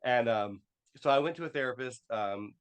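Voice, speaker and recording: A man's voice: medium pitch, animated, moderate pace, a bit bright, clean tone. A man talking as a podcast guest, telling a personal story with many fillers and restarts and acting out quoted dialogue.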